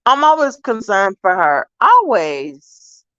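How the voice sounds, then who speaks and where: A young adult woman casually telling stories to her viewers in an animated, profane, laughing way. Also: slow pace, no room sound. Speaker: vlogger. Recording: dull, dry low-fi sound.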